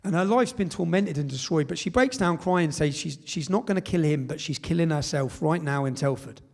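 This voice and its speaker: A man's voice: on the high side, a little fast, creaky. A man giving a speech at a live event, telling stories emphatically with reported dialogue and tag questions. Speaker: public speaker.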